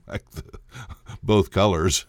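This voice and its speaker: A man with a somewhat low voice hosts his own podcast, spinning a long personal story in a loose, rambling way. He stumbles and restarts often and breaks into chuckles. The sound is dry and close, with no room around it. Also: fairly even intonation, takes it slowly, dry recording. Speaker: podcast host. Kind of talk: casual solo podcast storytelling.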